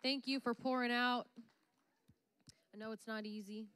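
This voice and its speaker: Smooth, upbeat woman giving church announcements. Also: a little high, fairly even intonation, measured pace, fairly bright tone, no echo. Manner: upbeat, joking. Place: church sanctuary.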